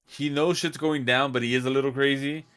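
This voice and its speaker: A man's voice: mid-range voice, steady tone, brisk, a bit bright, smooth. A man co-hosting a casual chat, laid-back and joking with crude slang. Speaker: podcast co-host. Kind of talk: casual movie recap chat.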